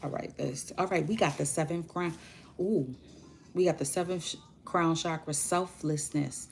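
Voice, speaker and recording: A woman from the Bronx, reading affirmations and telling a casual story in a lively, slangy way, often laughing. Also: low-pitched, moderate pace, slight background noise. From the Bronx, New York.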